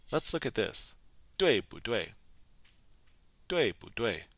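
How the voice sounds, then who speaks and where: Man slowly modeling phrases as a teacher. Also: medium pitch, big pitch swings, sharp tone, dry recording. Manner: slow, clear model pronunciation of phrases, repeated for practice. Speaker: Chinese language teacher. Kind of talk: recorded lesson video.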